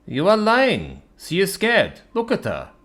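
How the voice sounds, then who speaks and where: Hesitant, downcast dragon, higher and odd in tone, a man putting it on in a storybook. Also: huge pitch swings, measured pace, fairly bright tone, heavily acted. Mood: sad. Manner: hesitant, plaintive. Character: sad, insecure young male dragon.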